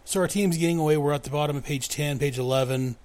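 A man's voice: on the high side, quick pace, darkish tone. A man hosting a podcast, recapping a comic book in a casual way, reading the dialogue aloud in voices and chuckling often.

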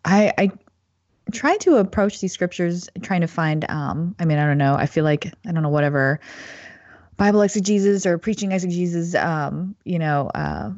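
A woman with a low voice speaks hesitantly, stopping often with fillers and hedges. The sound is dry and dull, as if heard over a video call. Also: animated, normal speed, a little mellow, no echo. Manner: hesitant, lots of fillers and hedging. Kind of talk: casual conversational discussion.

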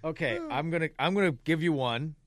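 A man's voice: on the high side, no room sound. A man hosting a podcast in casual chat, coaching improv in a directive way. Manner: directive, quick to laugh. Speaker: podcast host.

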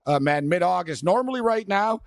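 A man's voice: high-pitched, lively intonation, fairly quick, vocal fry, no echo, clean studio sound. A man hosting a sports betting talk show, rambling casually with many fillers.

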